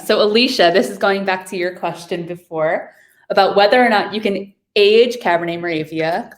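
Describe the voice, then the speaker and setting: A woman from New York hosting a virtual wine tasting over a video call, chatting casually and describing wines with enthusiasm. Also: mid-range voice.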